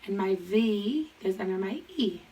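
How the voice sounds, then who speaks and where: A woman teaching a phonics lesson to young children, slowly sounding out words and thinking aloud as she writes on a board. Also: medium pitch, animated, warm tone, slight background noise, poor audio. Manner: slow, patient, sounds out words. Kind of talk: recorded classroom lesson.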